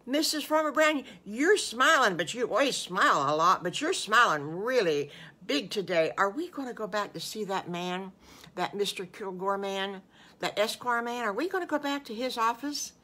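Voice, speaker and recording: A grandmother voicing Little Bad Wolf, an eager, sweet little boy wolf, in a high, rushed storybook voice. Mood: excited. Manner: high, rushed and breathless with excitement.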